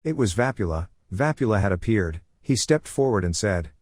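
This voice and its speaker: Low-voiced male recap narrator. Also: animated, normal speed, hardly any pauses, darkish tone, no echo, studio quality.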